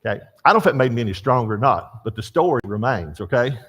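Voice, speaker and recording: This older man's voice is medium in pitch, slightly rough, and fast as he teaches a church Bible class. Lively and story-driven, he questions the class as he goes.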